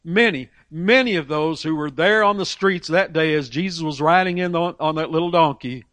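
A man's voice: a little high, moderate pace, fairly bright tone, no room sound. A man preaching a sermon, emphatic, reading scripture aloud and briefly acting out the voices of people in the story. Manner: emphatic, voices characters in Bible stories.

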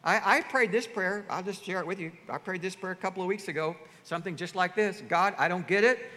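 A pastor preaches in a lively, animated way, acting out the voices of churchgoers. His voice is high and bright, and it rings with a long hall reverb. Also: quick pace. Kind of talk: sermon.

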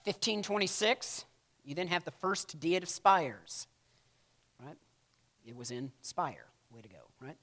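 A man's voice: fairly high pitch, big pitch swings, a little slow, sharp tone. Man lecturing, "right?" after each point. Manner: casual, peppers lines with "right?"; acts out quotes in playful voices. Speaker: church history teacher. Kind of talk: classroom lecture.

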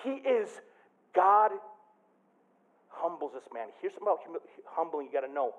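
Animated high-voiced preacher man. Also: normal speed, highs cut off. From Michigan. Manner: animated storytelling, swings from quiet to loud. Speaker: pastor. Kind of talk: sermon.

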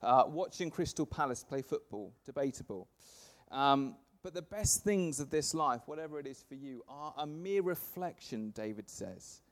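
A man, preaching a sermon to a congregation, punching words loudly then letting phrase ends fall soft. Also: mid-range voice, normal speed. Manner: lively, swings from loud emphasis to soft trailing phrase ends. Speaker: pastor. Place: church service before a congregation.

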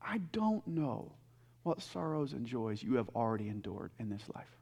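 A young adult man preaching a sermon, earnest and emphatic, swinging between loud peaks and soft quiet stretches, with frequent restarts. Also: mid-range voice, sing-song, moderate pace, creaky, husky. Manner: repeats and restarts words. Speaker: pastor.

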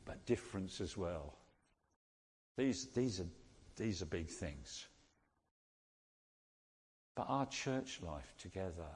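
A man preaching a sermon, teaching slowly and repeating key phrases for emphasis. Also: fairly low pitch, husky, long reverb tail.

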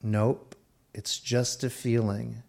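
A man preaching a sermon, expressive, shifting his pace and dropping softer for quoted lines. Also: mid-range voice, takes it slowly, creaky. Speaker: pastor.

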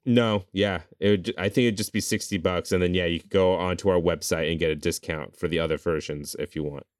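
A man in casual chat, musing aloud and trailing off as he pitches ideas. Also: steady tone, brisk, dry recording, clean studio sound.

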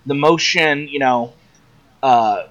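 A man's voice: mid-range voice, takes it slowly, fairly bright tone, highs cut off. A man co-hosting a podcast, telling a story in a rambling way with lots of fillers. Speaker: podcast co-host. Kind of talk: casual chat.

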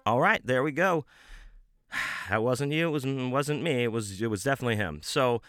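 A man's voice: medium pitch, moderate pace, fairly bright tone. Profane, rambling man telling a story. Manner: rambling, profane, with many restarts and fillers. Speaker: podcast host. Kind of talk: casual storytelling.

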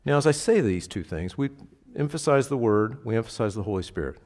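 A man's voice: medium pitch, lively intonation, fairly quick, a little mellow. A man preaching a casual, conversational sermon, often checking in with the congregation and punching key words. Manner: casual, asks the congregation questions, emphatic bursts. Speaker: pastor. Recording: reverberant hall.

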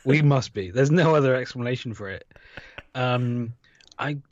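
A man's voice: medium pitch, moderate pace, dry recording, dull audio. A British man co-hosting a podcast, chatting casually and laughing at himself. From Britain. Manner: chatty, self-mocking, laughs often. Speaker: podcast co-host. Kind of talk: casual chat.

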